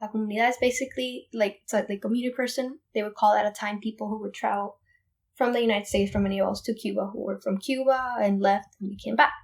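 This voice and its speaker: A young woman from Puerto Rico, a podcast guest, retelling a family story in an animated, emphatic way with many restarts. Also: medium pitch, fast talker, vocal fry. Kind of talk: casual storytelling.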